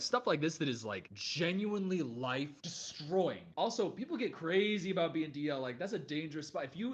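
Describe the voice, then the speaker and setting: A woman hosting a reaction video, exclaiming and ranting in casual commentary. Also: on the low side. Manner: dramatic and exclamatory, with frequent outbursts.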